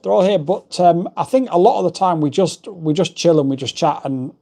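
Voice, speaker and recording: A man's voice: fairly high pitch, a little fast, creaky, dark tone. A middle-aged man hosting a casual livestream, rambling and reading out viewer comments. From England. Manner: chatty, rambling, reads out chat messages. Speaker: livestream host. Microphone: desk microphone.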